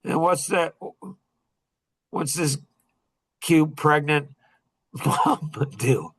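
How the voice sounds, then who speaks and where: A middle-aged man hosting a podcast, telling a story in a casual, animated and heated way, with many restarts. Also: a little high, very slow, husky. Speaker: podcast host.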